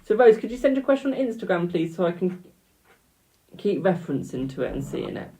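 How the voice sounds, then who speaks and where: A man's voice: sits high, sing-song, brisk, heavy background noise. A young British man doing tarot readings on a live stream, chatting casually and calling viewers "my darling".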